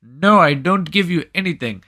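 A foul-mouthed deli owner barks in broken, clipped English, as a man puts him on while telling a story. The voice is pushed up high and loud, with a sharp, bright edge. He scolds and curses between gruff offers. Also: normal speed. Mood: furious.

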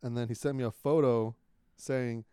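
A young man co-hosting a casual podcast, retelling a story in an animated, profane way with frequent laughter. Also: mid-range voice, moderate pace, smooth, no room sound, clean studio sound. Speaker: podcast co-host.

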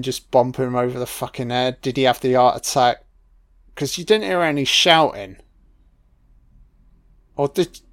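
A man giving a casual film commentary, musing aloud with plenty of swearing and fillers. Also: medium pitch.

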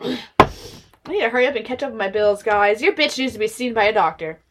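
A woman's voice: on the high side, quick pace, heavy background noise. A woman chatting casually on a stoner vlog, stoned, coughing and laughing, with crude slang. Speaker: vlogger.

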